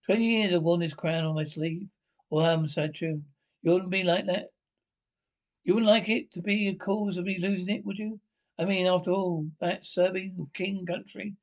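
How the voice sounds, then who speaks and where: A man in a 1970s British comedy film, blustering through army dialogue and shouted orders, with a British accent. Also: high-pitched, fairly even intonation, moderate pace, creaky.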